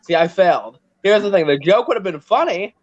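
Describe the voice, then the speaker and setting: A man's voice: high voice, animated, fairly quick, muffled recording. A man hosting a casual chat while building a set, joking and rambling with self-mocking humor.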